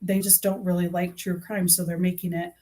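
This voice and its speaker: A woman's voice: on the low side, flat delivery, fairly quick, mellow. A middle-aged woman making a true crime vlog, talking casually to camera in a rambling, earnest way, full of fillers and restarts. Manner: earnest and aggrieved.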